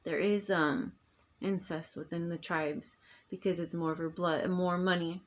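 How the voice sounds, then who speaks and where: Speaking to her phone in an unhurried, steady tone, this woman vlogger has a fairly low voice. Her monologue is personal and rambling, emphatic, with frequent restarts that fade away.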